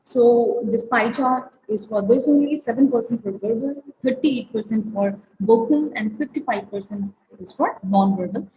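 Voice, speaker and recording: A woman giving an online workplace training lecture, talking haltingly with many fillers and restarts. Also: on the high side, dark tone, low-quality recording. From India. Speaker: webinar trainer.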